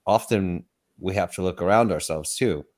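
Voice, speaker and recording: A man speaking as a guest in a casual discussion, quiet and affirming, often murmuring agreement. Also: low-pitched, moderate pace.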